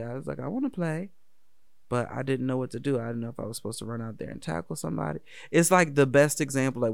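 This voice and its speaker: Gravelly laid-back man from D.C. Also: medium pitch, dry recording, clean studio sound. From Washington, D.C. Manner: laid-back, profane, laughs often. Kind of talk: casual personal storytelling.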